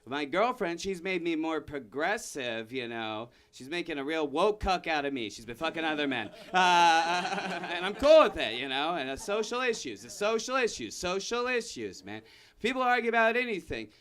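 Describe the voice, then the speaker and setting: A young man performing a stand-up comedy set, rambling and self-interrupting, bursting into shouted character bits. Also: a little high, sing-song, normal speed. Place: comedy room with live audience.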